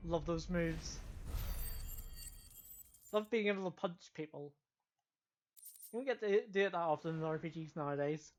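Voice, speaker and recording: A woman's voice: sits low, moderate pace, long pauses, darkish tone, a little hiss or hum. A woman streamer giving casual, self-mocking live commentary on a game. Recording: dull lo-fi stream mic.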